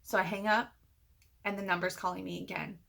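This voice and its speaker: A woman's voice: mid-range voice, brisk, creaky. A woman vlogger casually telling a personal story to camera and acting out the other people's lines as she goes. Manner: animated retelling, quoting others.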